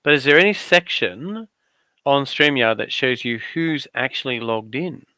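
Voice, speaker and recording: A man's voice: medium pitch, expressive, moderate pace, sharp tone, dry recording. A middle-aged man with an Australian accent giving playful, teasing commentary on a casual craft livestream. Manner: playful, teasing, dry asides.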